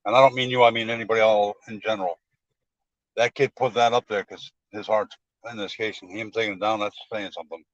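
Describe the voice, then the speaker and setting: A man's voice: fairly low pitch, fairly even intonation, quick pace, dry recording, dull audio. A man in a casual chat who talks bluntly and sarcastically, with emphasis.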